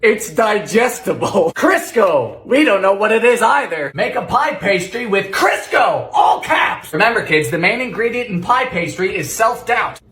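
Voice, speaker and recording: A man hosting a comedic cooking show, narrating in a theatrical, sardonic way with sudden jumps in pitch and loudness, in a home kitchen. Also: very animated, unhurried, few pauses. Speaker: host of a vintage cooking show.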